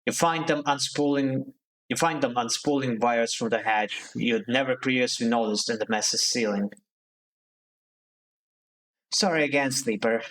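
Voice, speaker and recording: A man streaming a narrative game, reading the text aloud at a middle pitch. He breaks in with relaxed, joking asides between passages. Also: normal speed, low-quality recording.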